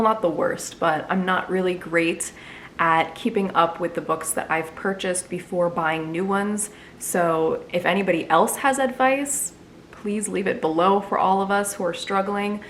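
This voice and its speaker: A woman's voice: lowish voice, unhurried, a bit bright, a little hiss or hum. A young woman chatting casually in a vlog, answering viewer questions with lots of fillers. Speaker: book vlogger.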